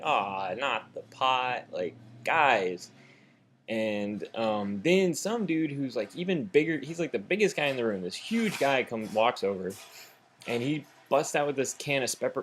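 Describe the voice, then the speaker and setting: A young American man talks straight into his own camera, rambling through a story with lots of fillers. His voice sits a little low, and he acts out the people in it as he goes. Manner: rambling, animated retelling with many fillers. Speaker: vlogger. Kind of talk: casual storytelling. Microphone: camera mic, self-filmed.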